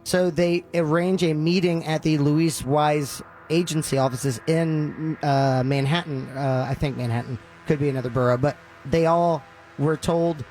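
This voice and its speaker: Brief: man, slightly raised pitch, lively casual storyteller, faint music behind. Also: measured pace. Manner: animated retelling, with filler ums and uhs. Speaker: podcast host telling a story. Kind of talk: casual storytelling among friends.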